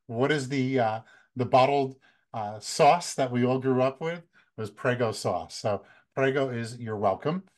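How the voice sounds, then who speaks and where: An American man in his fifties, a photography workshop leader, giving relaxed, conversational travel tips with many fillers. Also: medium pitch, measured pace. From United States. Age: 50s. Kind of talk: casual talk, practical travel tips.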